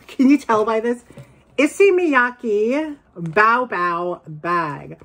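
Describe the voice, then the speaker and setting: Woman vlogger, slightly high voice, excitable casual unboxing chatter. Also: extremely slow, a little hiss or hum. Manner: excitable, gasping and laughing, swears casually. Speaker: reseller vlogger.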